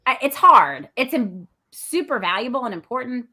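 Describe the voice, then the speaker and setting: Bright, animated woman guest. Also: on the high side, normal speed, breathy edge. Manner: animated, acts out quotes with laughs. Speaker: podcast guest, theatre founder. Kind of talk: casual chat.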